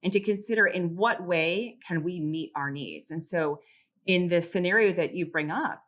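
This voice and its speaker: A middle-aged woman psychologist explaining coping tools calmly and clearly in a podcast interview. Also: lowish voice. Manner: calm, measured, teacherly explanations. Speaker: psychologist and caregiver clinic founder.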